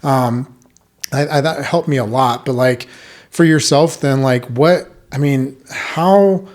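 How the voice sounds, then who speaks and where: Male podcast host, thirties, mid-pitched, conversational, animated storyteller. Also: takes it slowly. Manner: animated, acts out quoted voices. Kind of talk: casual conversational interview.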